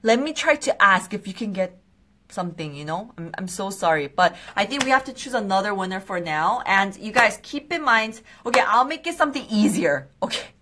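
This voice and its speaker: A young woman hosting a live skincare quiz stream, bubbly and excitable, with quick apologetic asides. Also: mid-range voice. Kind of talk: casual live-stream chat.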